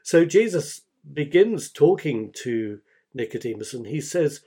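A man preaching a sermon as pastor, speaking deliberately and repeating key phrases for emphasis. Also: fairly high pitch, very animated, mellow, breathy edge.

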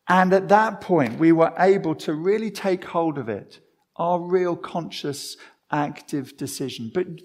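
A man preaching a sermon in a conversational way, often restarting his phrases, at a church service. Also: on the high side.

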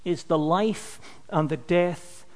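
In a big room, a man preaches a sermon slowly in a high voice with fairly even intonation. He is earnest and emphatic, and his volume falls away at the end of phrases.

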